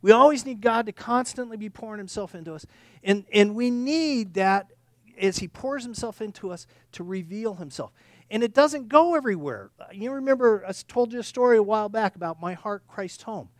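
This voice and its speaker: A male pastor preaching a sermon, earnest, swinging from loud emphatic lines to quiet confiding ones, often repeating words and restarting sentences. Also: sits high, lively intonation, fairly quick, no echo, clean studio sound.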